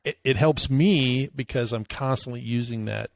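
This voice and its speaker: A man's voice: mid-range voice, normal speed, vocal fry, dry recording. Man musing aloud on a podcast. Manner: hesitant, thinks aloud with fillers. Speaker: podcast co-host. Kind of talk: casual chat.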